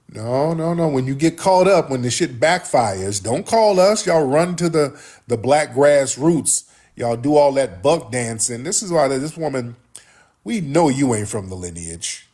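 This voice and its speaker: A man hosts a livestream with blunt, profane, heated commentary. His voice is husky and a little rough. His pitch swings widely as he rants at his viewers. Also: expressive, unhurried, darkish tone. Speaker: livestream host.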